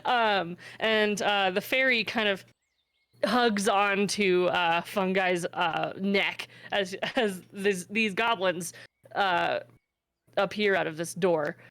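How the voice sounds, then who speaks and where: A woman running a tabletop game as game master, narrating scenes for the players. She talks in a loose, chatty way with plenty of fillers. Her pitch sits in the middle of the range. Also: fairly even intonation, slow pace, fairly bright tone. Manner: chatty, full of fillers and laughs.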